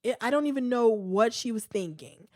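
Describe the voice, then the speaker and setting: A woman's voice: a little high, lively intonation, normal speed, a little mellow, dry recording, clean studio sound. A woman hosting a podcast, talking in a chatty, candid way with many fillers, sighs and restarts. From United States. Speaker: podcast host. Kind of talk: casual podcast commentary.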